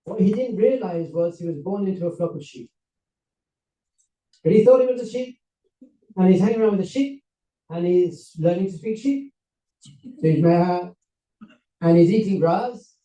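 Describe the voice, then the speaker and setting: A man with a somewhat high but very dark, mellow voice lectures to a seminar crowd, telling a story with lively acted-out voices. He sounds some distance from the mic, in a roomy, echoing hall. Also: moderate pace, long pauses. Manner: animated, acts out characters with voices and laughs. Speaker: rabbi giving a seminar talk.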